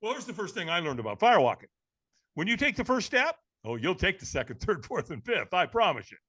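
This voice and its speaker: A man who is a podcast guest, telling a story in an energetic, emphatic way and acting out the other people in it. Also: high-pitched, brisk, slightly rough. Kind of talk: animated storytelling.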